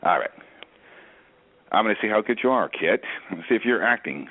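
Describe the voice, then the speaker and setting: A man's voice: lowish voice, wildly swooping pitch, fairly quick, long pauses, breathy edge, no echo. A man hosting a radio interview show, playful and teasing, with jokes and games, heard over a tinny phone-like line.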